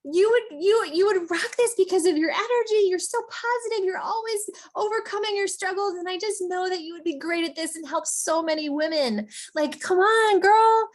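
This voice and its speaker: A woman putting on the voice of a gushing, upbeat woman hyping up a friend, effusive and excited. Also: very high voice, normal speed, few pauses, voice pushed up.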